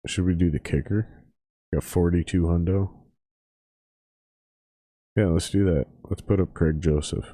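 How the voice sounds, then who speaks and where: A deep-voiced man rants in a casual, profane way, muttering and cursing to himself. He sounds exasperated and is drinking while he talks. The sound is close and dry, with no room around it. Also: fairly even intonation, unhurried, pauses often, mellow, no room sound. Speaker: podcast host. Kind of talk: casual profane rant and phone chat.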